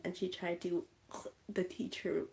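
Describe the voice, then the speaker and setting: A woman casually recapping a movie on her livestream, chatty and animated, acting out scenes and dropping into whispers. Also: on the low side, a little slow, creaky, background noise.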